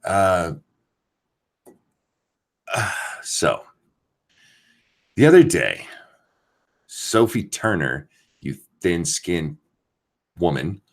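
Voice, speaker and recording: A man hosting a casual live stream, ranting with profanity and greeting chat viewers by name while keeping his voice down. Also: fairly low pitch. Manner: keeps voice down so as not to wake someone. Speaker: host.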